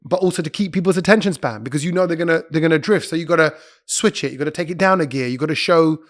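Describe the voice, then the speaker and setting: Middle-aged male broadcaster, quick and lively delivery, a bit higher-pitched than most men; casual podcast talk. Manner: fast-talking, animated, breaks into put-on voices. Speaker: broadcaster and comedy host.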